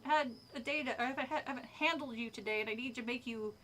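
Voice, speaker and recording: Bright, chatty woman reading aloud. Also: sits high, quick pace, few pauses, a little hiss or hum. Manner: chatty, animated, often breaks off to comment. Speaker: streamer reading a book aloud. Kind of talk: casual live reading with chat.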